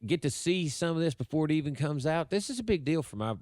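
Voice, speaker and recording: A man's voice: a little high, lively intonation, fast, darkish tone, dry recording, studio quality. A man hosting a podcast, talking in a rambling, thankful way with plenty of restarts. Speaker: podcast host. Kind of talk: casual podcast chat.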